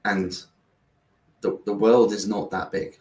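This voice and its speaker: Deep-voiced, earnest man rambling. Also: level tone, slow, a little mellow. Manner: earnest, rambling, many fillers and restarts. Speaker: guest, founder of a kindness platform. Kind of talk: casual conversation. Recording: roomy, distant mic.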